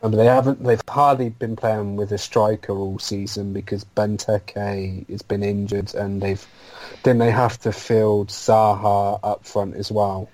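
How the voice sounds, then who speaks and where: A man's voice: on the low side, flat delivery, unhurried, a little mellow, low-quality recording. A man co-hosting a casual football podcast, talking with frequent restarts and repeated words. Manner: hesitant, repeats words, makes puns. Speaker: podcast co-host. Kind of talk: casual chat.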